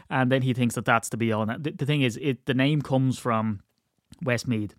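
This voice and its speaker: A man's voice: medium pitch, steady tone, brisk, dry recording, clean studio sound. A man, hosting a casual solo podcast in a rambling, playful way and now and then putting on voices. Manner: rambling, playful storyteller who breaks into put-on voices. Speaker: podcast host.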